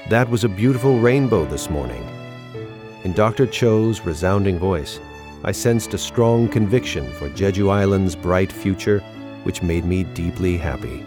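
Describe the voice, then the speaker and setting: A man reading a scripted documentary narration in a solemn, measured way. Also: low-pitched.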